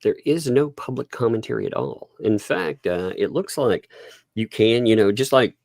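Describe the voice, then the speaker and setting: Male stream host, low gravelly voice, loose chatty delivery, laughs a lot. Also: lively intonation, normal speed, a little mellow, dry recording, studio quality. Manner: chatty, laughs often, trails off and restarts. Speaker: livestream host. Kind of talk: casual livestream commentary.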